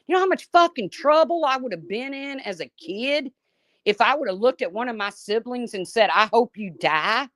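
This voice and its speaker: A woman's voice: a little high, expressive, normal speed, no echo, clean studio sound. A middle-aged woman hosting a live chat, talking bluntly and swearing freely, reading viewers' names aloud between folksy stories. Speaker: livestream host. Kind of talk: casual live chat, storytelling.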